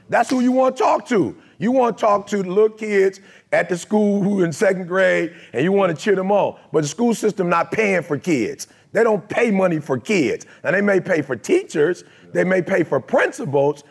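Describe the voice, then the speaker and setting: Speaking at normal speed, an expressive man from Detroit delivers a motivational talk before a live audience. His voice is raised, gravelly and a bit higher than usual for a man, and his emphatic, conversational delivery is full of street slang.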